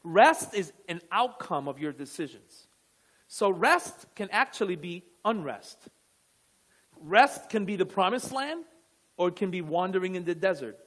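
A man's voice: high voice, very animated, unhurried, fairly bright tone. A male pastor preaching a sermon with fervent, emphatic delivery and asides to the congregation.

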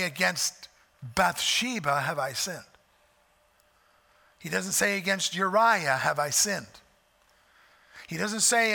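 A pastor preaching a sermon, earnest, repeating key phrases for emphasis. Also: male voice, high voice, creaky, sharp tone, in a large hall.

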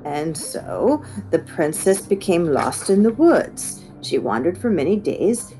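A woman reading a children's book aloud with expressive storytelling. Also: fairly low pitch, slow pace, soft background music, low-quality recording. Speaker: reader.

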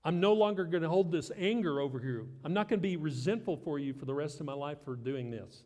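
A man's voice: on the high side, expressive, fast talker, darkish tone, in a large hall. A middle-aged man preaching a sermon as pastor, conversational and self-deprecating with light humor.

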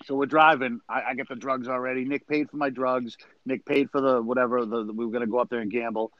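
A man's voice: medium pitch, fast, dry recording, lo-fi sound. A man telling wild stories in a casual, profane chat among brothers. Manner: profane, animated storyteller. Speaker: podcast co-host.

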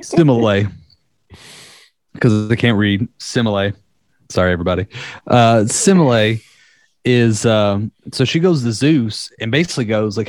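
A man's voice: lowish voice, animated, normal speed, long pauses, a little mellow, dry recording. Profane man retelling myths casually. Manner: loose, profane, acts out quotes in voices. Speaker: podcast co-host. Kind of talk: casual chat retelling a myth.

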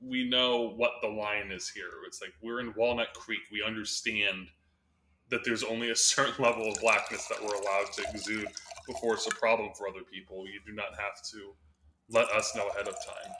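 A man's voice: on the low side, level tone, moderate pace, pushed and bright. A man co-hosting a podcast who talks in a reflective, articulate way and laughs easily. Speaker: podcast co-host. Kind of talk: casual podcast chat.

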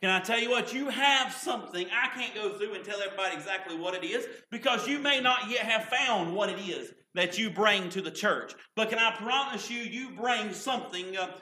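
A pastor preaches a sermon in a folksy, repetitive style, leaning on homespun stories and repeating "can I tell you what." His high, bright voice rings through an echoey church sanctuary. He speaks briskly, with few pauses.

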